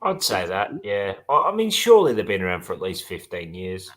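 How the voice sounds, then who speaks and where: A man's voice: sits low, wildly swooping pitch, brisk, a bit bright. Wry man chatting on a panel. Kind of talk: casual panel chat.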